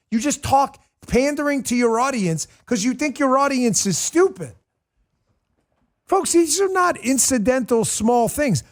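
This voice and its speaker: Middle-aged guy hosting a political talk show, high voice, mocking and combative, hammering every word. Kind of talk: political commentary monologue.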